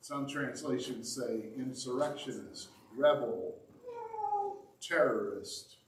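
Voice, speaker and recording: A man preaching a sermon as pastor, dramatic and animated, reading scripture aloud and acting out the quoted lines. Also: mid-range voice, takes it slowly. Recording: roomy sound, mic at a distance.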